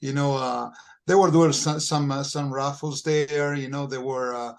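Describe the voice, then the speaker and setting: Halting man co-hosting a podcast. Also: medium pitch, steady tone. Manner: halting, many fillers and restarts. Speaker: podcast co-host. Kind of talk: casual podcast chat.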